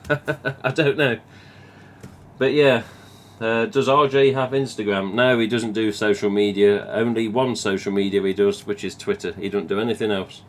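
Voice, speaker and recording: A man's voice: fairly low pitch, steady tone, moderate pace, a little hiss or hum. A man with an English Midlands accent hosting a live stream, chatting casually and reading viewer comments, rambling and swearing now and then. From England.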